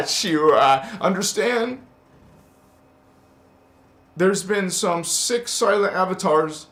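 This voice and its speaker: Male spiritual host with a high voice and a slow, hesitant, scolding delivery, recorded in a reverberant room. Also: animated. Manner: preachy and scolding, with sudden loud chanted words; hesitant, many fillers and restarts. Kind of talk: confrontational spiritual monologue. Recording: echoey room.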